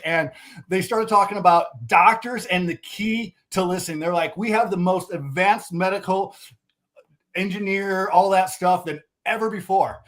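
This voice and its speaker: High, lively man coaching sales. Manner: animated, quick restarts, acts out customer dialogue. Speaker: mattress sales trainer, guest. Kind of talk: energetic sales coaching talk. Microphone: video call.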